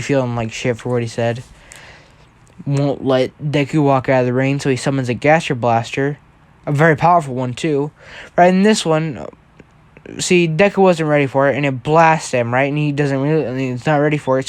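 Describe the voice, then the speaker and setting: A man telling an improvised fan story in a casual, rambling way, often checking in with "right?" and changing details as he goes. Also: medium pitch. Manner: changes details mid-thought.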